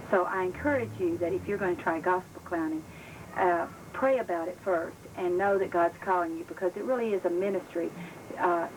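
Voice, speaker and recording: Southern lady explaining clown tricks, chatty and folksy, lots of uh's, noisy hiss behind. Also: lowish voice. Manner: folksy, chatty, frequent "uh" fillers. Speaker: gospel clown teacher. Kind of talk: casual instructional talk.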